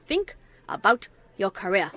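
A woman voicing an anxious, pushy older mare mother, speaking in a louder, insistent way. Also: mid-range voice, sing-song, unhurried, voice pushed down.

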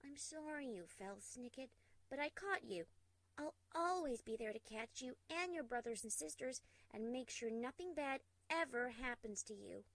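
A woman voicing a gentle, lonely adult mare pony in a storybook reading, speaking softly and tenderly. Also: lively intonation, moderate pace, no room sound. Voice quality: soft and tender, then shrill shouting.

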